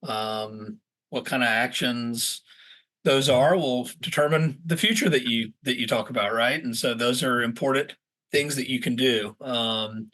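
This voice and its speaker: A man's voice: mid-range voice, fairly bright tone. A male podcast host with an ordinary mid-range voice who asks his guest loose, conversational questions. He stumbles and restarts his phrases as he thinks aloud. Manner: halting, restarts often while forming questions.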